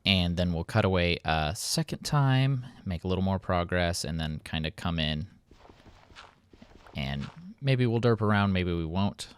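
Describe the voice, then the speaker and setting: A man's voice: deep voice, smooth. A man hosting a casual gameplay commentary, rambling and poking fun at himself. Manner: rambling, self-mocking, playful. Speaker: let's play host.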